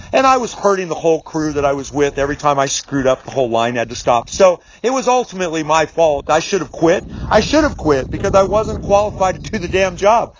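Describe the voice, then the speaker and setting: High-voiced middle-aged man, rambling and emphatic. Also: dry recording, muffled recording. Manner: casual, rambling, many restarts and mild swearing; firm, emphatic repetition. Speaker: business speaker. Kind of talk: storytelling video monologue.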